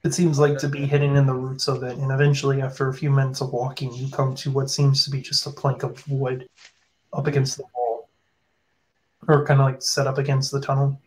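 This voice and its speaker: Casual, halting male game master. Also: mid-range voice, completely flat delivery, low-quality recording. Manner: casual, halting narration with fillers. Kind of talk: narrating a tabletop game.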